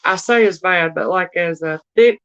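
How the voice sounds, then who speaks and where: A woman's voice: lowish voice, normal speed, fairly bright tone, dull audio, slight background noise. A woman with a Southern drawl, chatting casually as she runs a live-stream auction and talks straight to her viewers. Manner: chatty, addresses viewers as y'all and darling.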